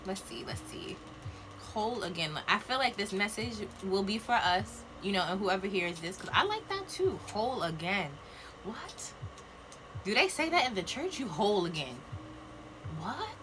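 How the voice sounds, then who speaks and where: A woman's voice: medium pitch, sing-song, moderate pace, background noise. A woman giving a casual live-stream card reading, chatty and playful, laughing often and tossing slangy asides to her viewers. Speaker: spiritual card reader. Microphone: phone live video.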